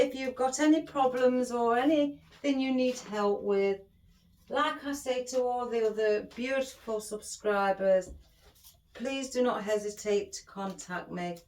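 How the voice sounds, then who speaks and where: In an echoey room, a middle-aged woman rambles warmly to her viewers while hosting a craft tutorial. She speaks slowly in a fairly high, slightly mellow voice.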